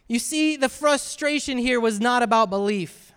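A man preaches in an easy, conversational style, checking in with his listeners as he goes. His voice sits high and comes across smooth and resonant. It rings out through a church with a long, lingering reverb. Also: moderate pace, fairly bright tone. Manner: conversational preaching, frequent "right?" asides. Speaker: pastor. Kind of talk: sermon. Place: church sanctuary. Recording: reverberant hall.

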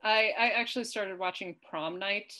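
A woman's voice: medium pitch, normal speed, bright, forceful tone. A woman co-hosting a podcast, reviewing a film in casual chat. She talks animatedly, swears, and leans on filler words; she says she is tired. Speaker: podcast co-host.

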